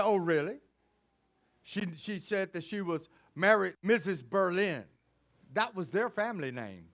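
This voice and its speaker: A pastor with a high voice tells a long story from the pulpit. He speaks each character's lines in turn, loud in one moment and soft the next. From Texas. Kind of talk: sermon storytelling.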